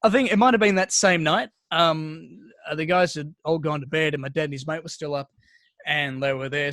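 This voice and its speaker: A man's voice: on the high side, fairly bright tone, dry recording, clean studio sound. Man telling rambling stories. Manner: rambling storyteller, heavy swearing, many restarts. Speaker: podcast co-host. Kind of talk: casual chat.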